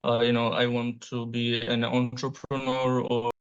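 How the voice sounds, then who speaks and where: Young bangladeshi guy, smooth voice, pauses and ums a lot, muffled test recording. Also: mid-range voice, monotone. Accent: Bangladeshi English. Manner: hesitant, many filler sounds, little energy. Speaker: speaking test candidate. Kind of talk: answering exam questions. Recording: dull lo-fi replayed test audio.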